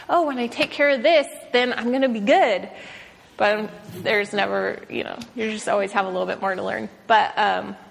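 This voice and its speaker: A woman in her thirties shares a faith talk with a room of other mothers. She speaks in an earnest, casual way, full of "like" and "um", at a middle pitch. Her voice rings with the long reverb of a large hall. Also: gravelly. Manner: earnest, conversational, frequent "like" and "um". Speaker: speaker at a women's gathering. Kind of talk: devotional talk.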